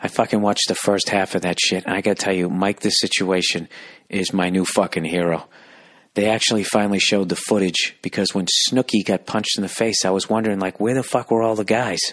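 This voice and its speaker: Profane, husky-voiced ranting podcast host. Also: male voice, low-pitched, fairly quick, no room sound, clean studio sound. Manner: profane, animated, exasperated. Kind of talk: ranting comic storytelling.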